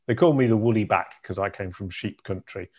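A man's voice: on the low side, a little fast, darkish tone, breathy edge, lo-fi sound. A middle-aged man from Yorkshire, a guest in an interview who tells his stories in a chatty, self-deprecating way. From Yorkshire, England. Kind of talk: conversational interview.

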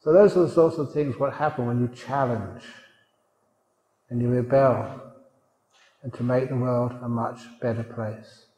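A man gives a humorous sermon, chuckling and putting questions to his listeners. He speaks unhurriedly at a middle pitch. A long reverb hangs in the large hall. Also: unhurried, pauses often, dark tone. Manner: jokey, chuckling, asks the audience questions. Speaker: monk teacher.

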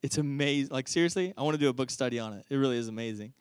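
A man preaching a sermon, retelling a story in a lively, conversational way. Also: medium pitch, very fast, clear, resonant tone, no room sound. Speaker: pastor.

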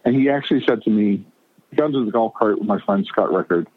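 A man's voice: fairly low pitch, quick pace, slightly rough, no room sound. A middle-aged man telling long stories in a casual chat, full of stammered restarts and quotes he acts out. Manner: rambling, stammering restarts, animated retelling of quotes. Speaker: guest. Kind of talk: casual storytelling. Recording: tinny phone line.

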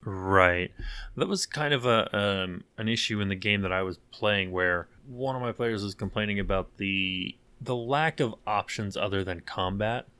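A man's voice: fairly low pitch, moderate pace, pushed and bright, clean tone, no echo. A man co-hosting a podcast, chatting casually about a tabletop game, laughing often and politely correcting details. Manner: laughs often, self-aware and a bit pedantic. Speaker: podcast co-host. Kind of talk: casual chat recapping an actual-play game.

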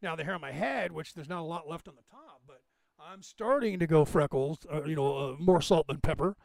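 A man's voice: on the high side, a little fast, gravelly, darkish tone, no echo. A man in his fifties hosting a podcast, rambling casually through anecdotes and laughing often. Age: 50s. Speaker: podcast host.

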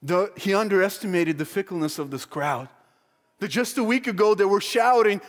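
A man preaching a sermon, emphatic and animated, acting out the voices in the story he retells. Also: high voice, normal speed. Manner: emphatic, animated, acts out quoted crowd and Pilate. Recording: long hall reverb.

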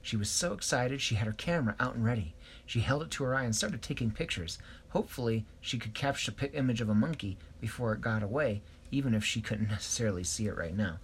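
A man telling an improvised story, hesitant, pausing and correcting himself. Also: medium pitch, expressive, a little hiss or hum.

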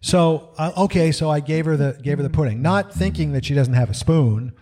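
A man's voice: a little high, a little fast. A middle-aged man telling a rambling, comic family story in casual chat, swearing and acting out the voices of the people he quotes. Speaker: podcast co-host. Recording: loud music bed under the voices.

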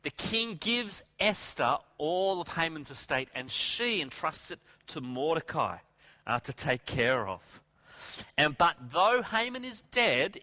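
A middle-aged male preacher telling a Bible story with animated energy. His pitch sits somewhat high and swings widely. His tone is bright and forceful. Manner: animated, acts out characters' lines.

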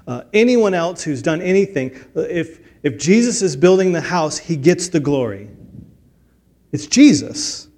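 Guy preaching, earnest, gets emphatic, voice on the high side. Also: dark tone. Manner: earnest, builds to emphatic peaks, restarts often. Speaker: pastor. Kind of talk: sermon.

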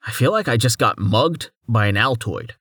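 Man reading curious young mage, playful, rambling, lively, dry close mic. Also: mid-range voice, moderate pace, slightly rough, dry recording. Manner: rambling, thinking aloud.

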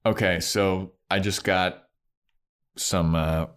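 Man, low voice, podcast co-host, animated casual recapper. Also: takes it slowly. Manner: animated retelling, slips into mock voices for characters. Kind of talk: casual chat.

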